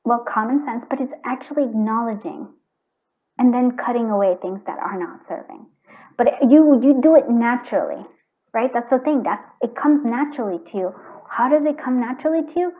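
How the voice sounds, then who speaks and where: Female tarot reader with a slightly high voice. Casual, earnest, thinks aloud, lots of restarts. Thin phone-like sound. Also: a little fast. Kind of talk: casual spiritual tarot reading.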